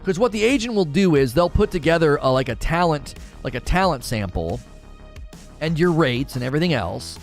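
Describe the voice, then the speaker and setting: A man in his thirties chatting casually on a livestream, talkative and lively, reading chat aloud and laughing often. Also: a little high, moderate pace, faint music behind. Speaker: streamer.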